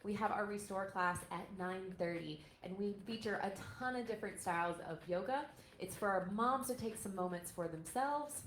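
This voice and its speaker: A woman's voice: medium pitch, normal speed. An upbeat woman leads a stretch class for parents and kids, calling out cues in a mid-range voice. She sounds like she is in an echoey indoor room, with a faint hum of noise behind her. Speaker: yoga instructor.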